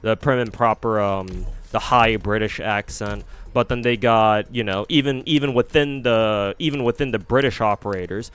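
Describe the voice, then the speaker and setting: A man's voice: fairly low pitch, normal speed, hardly any pauses, fairly bright tone, clean tone. A man streaming a game, rambling through casual commentary with frequent swearing. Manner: rambling, profane.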